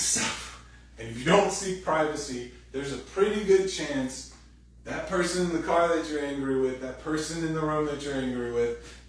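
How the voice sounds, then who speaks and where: A man's voice: medium pitch, slight background noise. A male pastor preaching a sermon in a casual, joking way, acting out quoted voices as he goes. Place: church sanctuary. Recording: roomy hall, from a distance.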